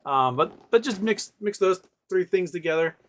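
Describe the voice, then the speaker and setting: A man's voice: sits high, expressive, moderate pace, fairly bright tone. A man hosting a casual livestream, rambling with lots of fillers and restarts as he reads out viewer chat. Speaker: livestream host.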